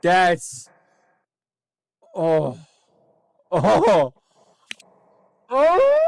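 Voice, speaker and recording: A man's voice: a little high, sing-song, very slow, pauses often, dry recording, clean studio sound. Loose, profane young man streaming a game. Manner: laid-back and profane, bursts into loud laughter. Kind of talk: casual gameplay commentary.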